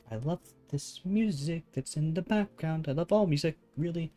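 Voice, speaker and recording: Chill, soft-spoken male game streamer with a mellow voice and faint music behind. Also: a little high, animated, moderate pace. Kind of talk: casual chat while gaming. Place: home room with rain on the ceiling.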